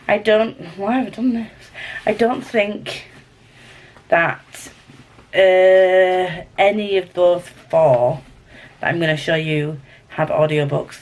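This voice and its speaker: A young woman with a Scottish accent chatting casually to camera about her books, rambling and excitable. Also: lowish voice, slow pace. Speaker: book vlogger.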